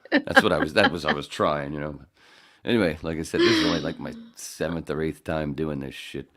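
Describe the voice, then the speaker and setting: A middle-aged man with a notably low voice hosts a podcast in casual chat. He rambles and stops to restart his sentences, and he often pokes fun at himself. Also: fairly bright tone. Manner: rambling, halting, self-deprecating. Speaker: podcast host.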